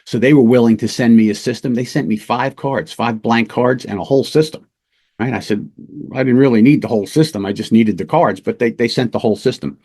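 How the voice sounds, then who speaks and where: A middle-aged man, a police lieutenant, teaching undercover work through a casual, lively anecdote told with small restarts. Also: mid-range voice, a little fast, slightly rough. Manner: lively anecdotes, acts out quoted voices, fillers and restarts. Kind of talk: casual storytelling lesson.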